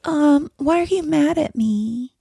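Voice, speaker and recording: A grown woman whining in a squeaky, high, childish baby voice, as a woman mocks her. The voice sits far up, sounds a touch hushed, and drags its words out slowly and sweetly. The recording is close and dry. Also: vocal fry, no room sound, heavily acted. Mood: whiny.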